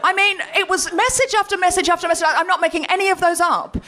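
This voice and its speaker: A woman hosting a live comedy podcast, telling a story on stage with lots of laughing and animated delivery. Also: very high voice, fast.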